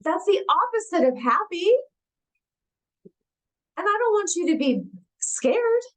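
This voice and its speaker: A woman's voice: extremely high pitch, very animated, measured pace, fairly bright tone. A woman giving an earnest, emphatic personal talk as a guest speaker, repeating her key phrases and acting out the voices in the dialogues she recounts.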